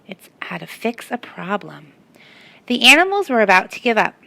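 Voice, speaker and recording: A woman's voice: fairly high pitch, sing-song, normal speed, gravelly, bright, forceful tone, no room sound. Woman reading a children's story. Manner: asks the listeners questions. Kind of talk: reading a picture book aloud to children.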